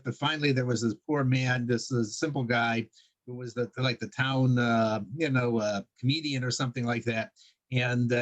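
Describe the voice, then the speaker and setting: A man leads an informal religious class over a video call, wandering through his points with fillers and restarts. He chuckles often, and his voice sits at an ordinary middle pitch. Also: poor audio. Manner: rambling, with many fillers and chuckles. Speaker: Torah class teacher.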